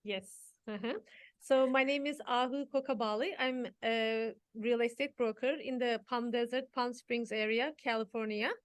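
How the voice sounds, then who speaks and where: A woman's voice: a little high, steady tone, moderate pace, smooth, no echo. Turkish-accented woman broker, close dry mic. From Turkey. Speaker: real estate broker, guest. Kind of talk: interview answers.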